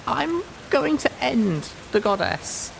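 A man voicing a young mare wanderer, earnest and grieving, in a high, strained, hesitant voice, read as an audiobook story. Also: big pitch swings, slow pace, vocal fry, slight background noise, heavily acted, rough recording. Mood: resolute.

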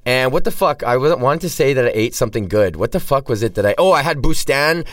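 A man's voice: medium pitch, expressive, quick pace, no room sound. A man hosting a solo podcast who is also a stand-up comedian, rambling casually with heavy swearing and constant restarts. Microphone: cheap mic, set back from the speaker. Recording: distant, dry sound from a poor mic.

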